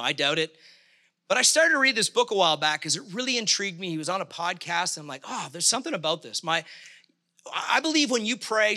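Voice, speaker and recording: A middle-aged male pastor from Canada preaching a sermon, impassioned, with emphatic bursts and halting restarts. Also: high-pitched, sharp tone.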